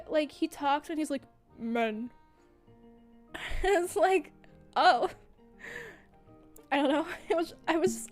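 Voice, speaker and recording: A young woman streaming, chatting casually with lots of fillers and frequent giggles as she gushes. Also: high-pitched. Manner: giggly, laughs often mid-sentence; gushing, filler-heavy. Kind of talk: casual livestream chat.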